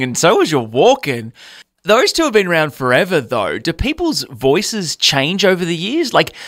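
Lively male host. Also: fairly high pitch, no echo, studio quality. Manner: enthusiastic, brief reactions and questions.

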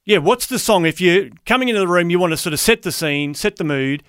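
A man's voice: sits high, expressive, fast talker, fairly bright tone, smooth, no room sound, studio quality. An Australian man co-hosting a breakfast radio show, easygoing and self-deprecating. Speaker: radio co-host.

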